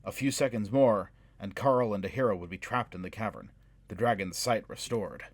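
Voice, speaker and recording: A man reading a fantasy novel aloud in measured, dramatic scripted narration. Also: on the low side, dry recording. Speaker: audiobook narrator.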